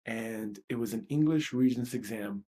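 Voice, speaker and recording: A man's voice: medium pitch, moderate pace, mellow. A man in his thirties from New York, coaching an EFT tapping session with a raw, profane, emotionally charged monologue that repeats phrases for emphasis. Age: 30s.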